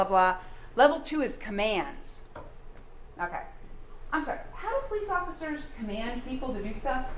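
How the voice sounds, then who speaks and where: A woman prosecutor delivers a courtroom closing argument in a slightly high voice, hammering the jury with pointed rhetorical questions. The sound is roomy and echoing, with a faint hum underneath.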